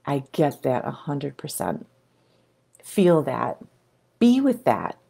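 A middle-aged woman talking casually to camera as a coach, animated and breaking into excited exclamations. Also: a bass voice, takes it slowly, gravelly, slightly rough. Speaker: video creator and coach.

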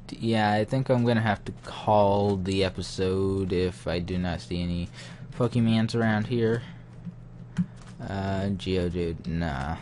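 Slight background noise sits under this young man's fairly low voice. As a gaming channel host, he casually talks through his play, muttering to himself and quickly growing frustrated.

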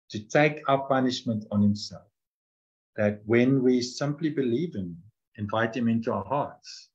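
A man's voice: medium pitch, muffled recording. A man who is a guest teacher, explaining Christian ideas in conversation and illustrating them with stories. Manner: storytelling, with voiced quotes.

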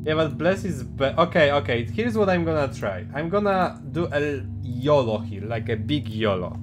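A man streaming a game, chatting casually and excitably, reading chat and game text aloud. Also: fairly high pitch, normal speed. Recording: game music playing under the voice.

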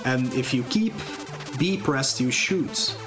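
A man's voice: medium pitch, takes it slowly. A man casually explaining a video game as he plays it live, chatting with viewers between moves. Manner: relaxed, explains as he plays, glances at chat. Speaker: speedrunner. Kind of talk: live commentary while playing. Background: game music.

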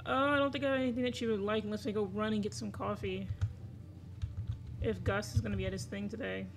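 A woman's voice: medium pitch, steady tone, fast talker, gravelly. A woman streaming a game, chatting casually, cursing freely and getting flustered. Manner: swears freely, flustered and laughing. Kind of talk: casual live-stream chat.

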